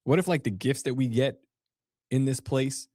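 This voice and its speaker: Brief: male co-host, mid-low voice, playful and musing, dry close mic. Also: dark tone, no room sound. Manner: joking, speculative, quick to laugh. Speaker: podcast co-host. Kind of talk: casual chat.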